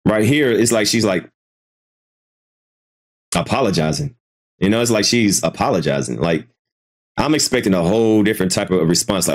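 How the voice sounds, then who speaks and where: A man's voice: on the low side, animated, moderate pace, long pauses. A man hosting a casual live commentary stream, hesitant and repeating himself, swearing freely as he reacts. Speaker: commentary channel host.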